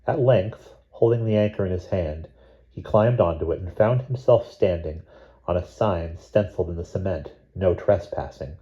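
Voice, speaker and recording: A man reading a novel chapter aloud in a measured, steady narration. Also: low-pitched, lo-fi sound. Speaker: audiobook reader. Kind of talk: scripted narration.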